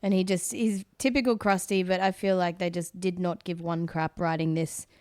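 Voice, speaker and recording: A woman on a podcast panel, chatting casually with relaxed, brief reactions. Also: lowish voice, normal speed, dry recording, clean studio sound. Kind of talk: casual chat.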